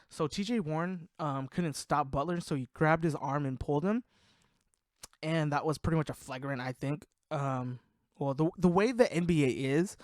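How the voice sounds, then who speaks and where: A man's voice: a little high, no echo, studio quality. A man hosting a casual sports podcast, ranting in a heated, profane way, worked up and sweating. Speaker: podcast host.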